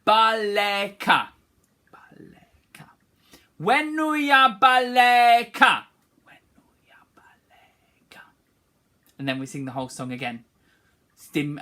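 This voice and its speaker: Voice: medium pitch, bright, forceful tone. A music teacher leading an online singing lesson for schoolchildren, encouraging and demonstrating phrases for the class to repeat.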